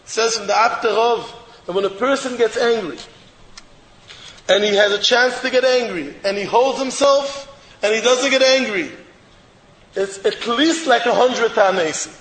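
High-voiced rabbi in an echoey hall. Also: male voice, normal speed. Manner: animated, repeats phrases for emphasis. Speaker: rabbi giving a Torah talk. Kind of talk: storytelling sermon. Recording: echoey hall with long reverb.

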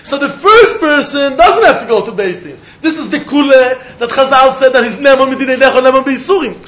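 Bright, high-voiced man lecturing on Talmud. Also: a little fast. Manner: animated, repeats words while thinking, laughs often. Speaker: Talmud teacher. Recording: roomy, muffled recording with faint background noise.

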